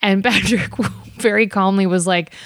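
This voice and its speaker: A woman hosting a casual interview conversation, chatty and animated, often laughing as she tells stories. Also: medium pitch, normal speed, no echo, studio quality.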